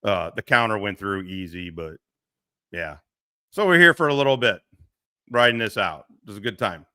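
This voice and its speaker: A man's voice: fairly low pitch, animated, normal speed, pushed and bright, dry recording. A middle-aged man hosting a casual livestream, rambling, swearing and laughing often into a close mic. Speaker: livestream host.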